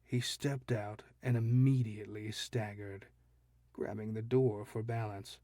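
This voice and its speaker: A man reading his own fantasy story aloud at a slow, deliberate pace. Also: lowish voice, steady tone, dark tone, dry recording, clean studio sound. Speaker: audiobook narrator and author. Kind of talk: scripted fiction narration.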